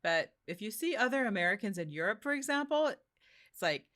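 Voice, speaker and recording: A woman from Finland hosting a casual interview, friendly and quick to laugh. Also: mid-range voice, sing-song, fairly bright tone. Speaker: host.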